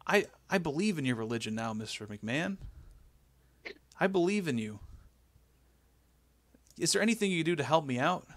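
A man's voice: on the high side, lively intonation, normal speed, pauses often, fairly bright tone. A man imitating a young male wrestler who begs in a raised voice. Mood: begging.

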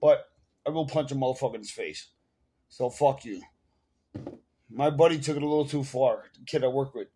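A man's voice: medium pitch, normal speed, pauses often, mellow, slight background noise. A man with a New York accent ranting casually to the camera at home, profane and rambling, full of fillers. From Bronx, New York. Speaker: vlogger.

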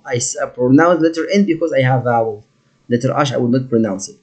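A man with an Egyptian accent teaching a French lesson, slowly modeling each word and explaining in English. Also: medium pitch, warm tone, husky. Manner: slow, patient, drawn-out modeling of words; switches between English and French. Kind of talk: recorded classroom lesson.

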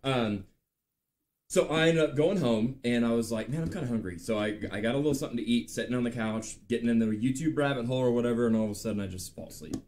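Guy late 30s hosting a live chat show, rambling animated stories, average pitch. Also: fast. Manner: chatty, animated storytelling with filler words. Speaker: podcast host. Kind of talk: casual live-stream chat.

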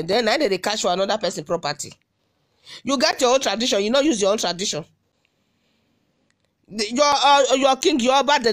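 A woman with a Nigerian Benin accent recording a scolding audio message, firing off repeated rhetorical questions. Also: a little high. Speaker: social media commentator.

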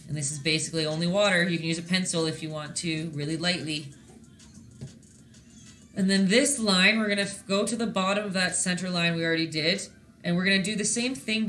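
Woman, painting instructor, casual live-stream lesson, chatty, encouraging, bright voice, faint background music. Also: deep voice. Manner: chatty and encouraging, often checks in with the viewers.

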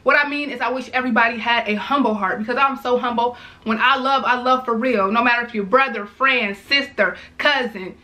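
A woman's voice: a little high, a little fast, pushed and bright, low-quality recording. A woman, a mother, speaking heartfelt and unscripted to her viewers in a casual vlog, often calling them "y'all" and repeating herself. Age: adult, mother of young girls. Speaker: vlogger. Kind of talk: emotional casual commentary to viewers.

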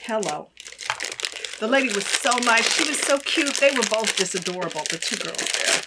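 A woman vlogging a casual unboxing, gushing and effusive, swinging between hushed asides and loud exclamations. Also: a little high, animated, normal speed, very noisy. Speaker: beauty vlogger.

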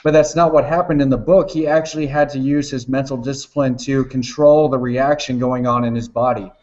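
A man's voice: mid-range voice, steady tone, a little fast, darkish tone. Rambling, swearing man with a lo-fi sound. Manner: rambling, swears often, laughs while retelling. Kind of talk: casual chat.

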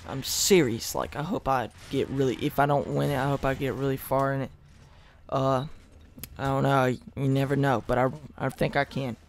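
A teenage young man giving rambling, excitable commentary over gameplay, close to his mic. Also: medium pitch, normal speed. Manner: rambling, hyped, self-mocking. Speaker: gaming commentator. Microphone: close desk mic.

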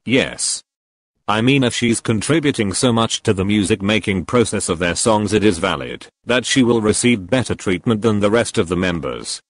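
Low, emotionless text-to-speech man. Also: normal speed, breathy edge, dry recording. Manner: emotionless, flat synthetic delivery. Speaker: YouTuber reacting to fan confessions. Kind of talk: reading and reacting to confessions.

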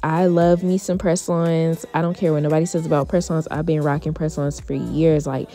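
A woman giving a chatty, relaxed tutorial voice-over as a beauty vlogger, full of casual fillers. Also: low-pitched, moderate pace, faint music behind.

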